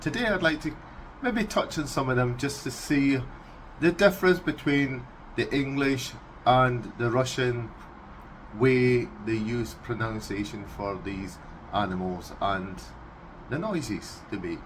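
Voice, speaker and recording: A Scottish man vlogging casually, unhurried and amused, breaking into animal noises. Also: medium pitch, slight background noise. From Scotland. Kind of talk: casual explainer vlog.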